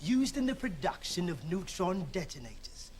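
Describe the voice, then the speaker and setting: A man's voice: high voice, big pitch swings, moderate pace, noisy background. An actor playing a scheming male spaceship captain who talks in an over-the-top fake accent.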